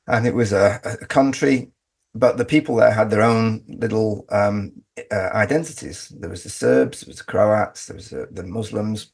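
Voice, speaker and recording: A middle-aged Englishman living in Australia, speaking as an interview guest in a halting way with many restarts. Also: on the low side, vocal fry, slightly rough. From England. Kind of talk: conversational interview.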